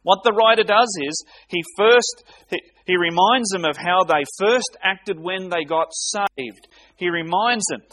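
A man preaching an expository sermon, reading scripture aloud with slow, emphatic delivery and dramatic pauses. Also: high voice, bright, forceful tone.

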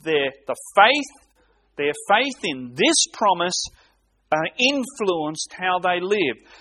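A man preaching an expository sermon, reading scripture aloud with slow, emphatic delivery and dramatic pauses. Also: high voice, big pitch swings, bright, forceful tone, a little hiss or hum.

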